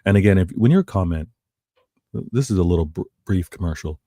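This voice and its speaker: A man's voice: deep voice, animated, fairly quick, dark tone, no echo, clean studio sound. A man co-hosting a casual football chat, rambling and restarting his phrases. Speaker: co-host.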